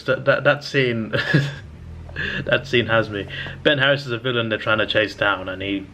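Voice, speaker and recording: A man talks loosely through his thoughts on a film. His voice sits at a middle pitch, and he keeps doubling back, restarting phrases and filling gaps as he goes. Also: measured pace, pushed and bright, a little hiss or hum. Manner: rambling, with frequent fillers and restarts. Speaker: movie reviewer. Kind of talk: casual movie reaction chat.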